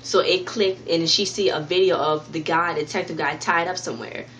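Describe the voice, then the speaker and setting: A woman's voice: lowish voice, steady tone, a little fast, a bit bright, highs cut off, a little hiss or hum. A woman vlogger casually retelling a TV episode's plot to her viewers, rambling, repeating herself and restarting sentences. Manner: talks directly to viewers. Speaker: TV review vlogger. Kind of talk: casual spoken episode recap.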